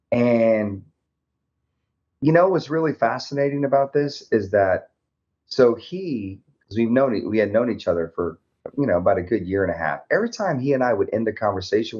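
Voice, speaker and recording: A man guest telling a personal story candidly in an interview, lively and laughing often, acting out the dialogue. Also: fairly low pitch, brisk, husky. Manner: animated, laughs often, acts out quoted dialogue. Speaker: podcast guest, army veteran. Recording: slightly dull lo-fi audio.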